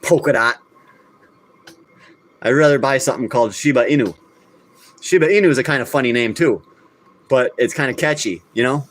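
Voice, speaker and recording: A man hosting a live crypto talk stream, talking casually and bluntly, getting worked up and scolding his viewers. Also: mid-range voice. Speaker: crypto channel host.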